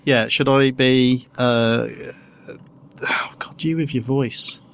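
A man's voice: mid-range voice, steady tone, takes it slowly. A man chats casually as a podcast co-host. He rambles and restarts his sentences often, trailing through one point after another. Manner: hesitant, rambling with many restarts. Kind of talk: casual chat.

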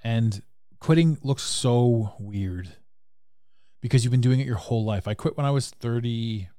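A man's voice: medium pitch, moderate pace, mellow, no room sound, studio quality. A man hosting a podcast, giving a frank, earnest motivational monologue and swearing casually. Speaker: podcast host.

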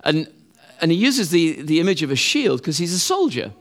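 A man's voice: a little high, big pitch swings, moderate pace. A middle-aged man preaching a sermon in a conversational way, acting out the voices of other people.

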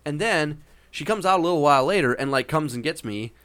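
A man's voice: on the high side, lively intonation, brisk, fairly bright tone, dry recording. A man casually telling a long, meandering anecdote with frequent hesitations. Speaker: storyteller. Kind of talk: casual chat.

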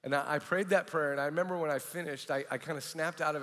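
Bright-voiced pastor in an echoing hall. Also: male voice, fairly high pitch, fast talker. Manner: candid, animated storytelling with frequent restarts. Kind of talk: sermon with personal testimony. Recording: long reverb of a large hall.

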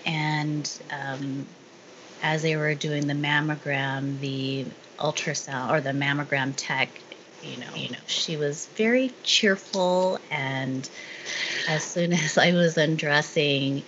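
A woman candidly recounting a personal experience in casual conversation, halting with fillers and restarts. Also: low voice, steady tone, a bit bright. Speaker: guest sharing her story. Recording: dull lo-fi sound with faint noise.

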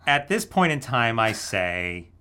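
A man with a bright voice tells a casual story, his pitch rising and falling with lively swings. He laughs often along the way. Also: slow pace, smooth. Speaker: guest telling a dating story. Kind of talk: casual anecdote.

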